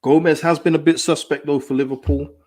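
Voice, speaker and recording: Male streamer, casual and excitable, reads chat comments aloud, laughs a lot. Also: fairly high pitch, brisk. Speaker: live-stream football watchalong host. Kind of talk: casual live reaction chat.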